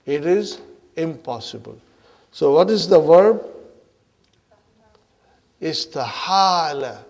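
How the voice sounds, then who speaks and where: Higher-voiced man teaching Arabic grammar. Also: expressive, slow pace, darkish tone. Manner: checks in often with "huh?" and "are you with me?"; reads the Arabic lines aloud, then explains them in English. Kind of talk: classroom lesson.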